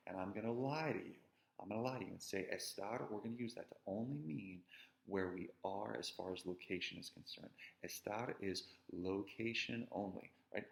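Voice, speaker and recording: A man's voice: lowish voice, vocal fry, low-quality recording. A man teaching an introductory Spanish lesson in a playful, chatty way, often checking in with "right?". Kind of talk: casual classroom lecture.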